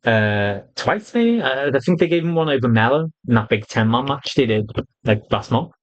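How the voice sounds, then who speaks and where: Man, casual review, blunt and sweary, mid pitch. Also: normal speed, dull audio. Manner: blunt, sweary, animated retelling with quoted voices. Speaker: wrestling reviewer.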